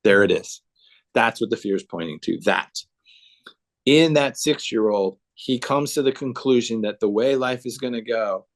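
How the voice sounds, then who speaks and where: A man speaking earnestly on a video call, telling a story with emphasis and acting out the dialogue. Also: mid-range voice. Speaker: guest speaker.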